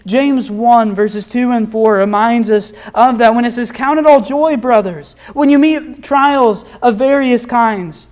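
Young male preacher, very high voice, earnest sermon delivery, pushes harder on scripture readings. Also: a little slow, hardly any pauses, darkish tone. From Nebraska, USA. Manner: earnest, rises in emphasis when quoting scripture.

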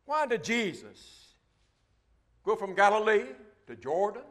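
A man's voice: high-pitched, fairly bright tone. A man preaching a sermon, reading scripture and asking rhetorical questions with a repeated refrain.

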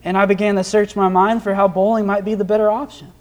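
A man's voice: high voice, flat delivery, fast, a little mellow. A young man from Nebraska preaching a sermon, earnest and lifting his voice when he reads scripture. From Nebraska, USA. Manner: earnest, rises in emphasis when quoting scripture.

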